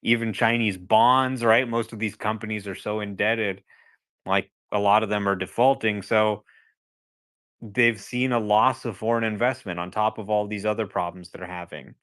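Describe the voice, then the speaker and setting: A man speaking as a guest analyst in a casual podcast discussion, conversational and turning animated when he acts out a scenario. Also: on the low side, moderate pace.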